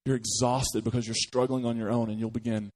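A male pastor delivers a sermon in a relaxed storytelling way, jumping into animated voices for the people he quotes. His voice sits at an ordinary middle pitch, and he often restarts his sentences as he talks. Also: fairly quick.

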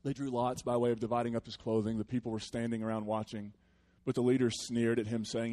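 With little pitch movement, a male pastor talks fast and with few pauses through his sermon. His middle-pitched voice is earnest and chatty, as with friends, settling at times into quieter reflection.

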